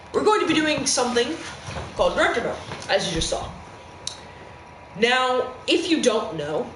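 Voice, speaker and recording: A game streamer giving rambling, playful live-stream commentary with sudden squeaky outbursts. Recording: echoey room with background noise.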